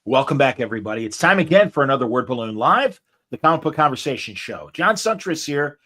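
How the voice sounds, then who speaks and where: An enthusiastic male host chats easily with his guest, his voice sitting at an ordinary middle pitch. He talks loosely and warmly, and his sentences are dotted with "uh" and restarts. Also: big pitch swings, quick pace. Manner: enthusiastic, chatty, frequent fillers. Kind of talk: casual interview chat.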